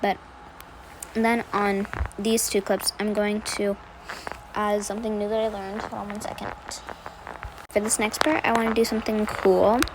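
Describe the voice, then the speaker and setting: A woman's voice: medium pitch, little pitch movement, normal speed. Young woman, chatty tutorial voice-over, slight background hiss. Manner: chatty, self-deprecating, rambling with fillers. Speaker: video editing tutorial creator. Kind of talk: casual screen-recorded tutorial voice-over.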